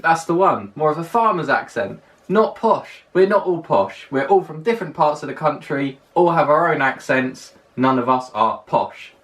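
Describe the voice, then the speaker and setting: A man's voice: mid-range voice, a bit bright. A young man with a well-spoken London accent talks through a casual countdown list on his vlog. He is chatty and emphatic and doubles up words for stress. His voice is picked up from a little way off the microphone. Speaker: vlogger. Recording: voice a little distant from the mic.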